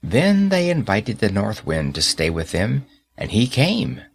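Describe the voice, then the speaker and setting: Male narrator for a fairy-tale audiobook: calm and even, lower register, takes his time. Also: a little slow, gravelly. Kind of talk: scripted storybook narration.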